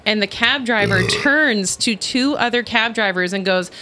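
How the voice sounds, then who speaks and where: A woman telling a story in casual chat, animated and laughing as she acts out the people in it. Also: medium pitch, measured pace, very noisy.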